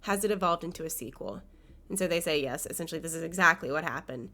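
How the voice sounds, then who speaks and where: A woman's voice: deep voice, fast, bright, forceful tone. A young woman hosting a video essay, talking in an earnest, enthusiastic way while sick, with a nasal, congested voice. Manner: earnest, enthusiastic, with occasional fillers. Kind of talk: scripted video essay commentary.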